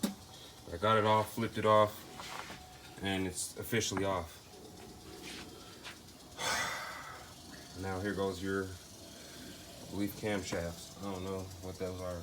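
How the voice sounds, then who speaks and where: A man's voice: low voice, flat delivery, slow, long pauses, background noise. A man casually narrating a car repair in a loose, slangy way, thinking aloud as he works. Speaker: DIY car repair vlogger.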